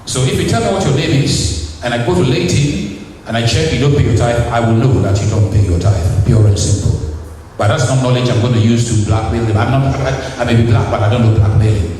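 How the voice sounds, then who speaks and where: A man's voice: mid-range voice, a little fast, dark tone, slight background noise. A man preaching a sermon in a church, teasing the congregation and asking them questions. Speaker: visiting preacher. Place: church hall. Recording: distant echoey church hall recording.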